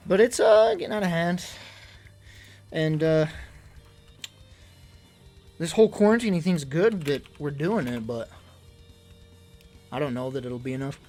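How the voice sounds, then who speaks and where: A young man streaming live in casual chat, out of breath, rambling and worried, swinging between loud emphasis and low mutters. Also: measured pace, long pauses. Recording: faint music behind.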